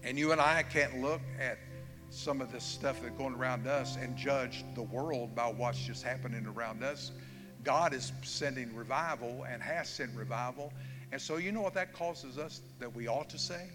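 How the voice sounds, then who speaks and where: A man's voice: mid-range voice, normal speed. A man, preaching a fervent sermon and pressing the congregation with repeated questions. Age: 70s. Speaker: pastor. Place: church sanctuary. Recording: long hall reverb, faint music.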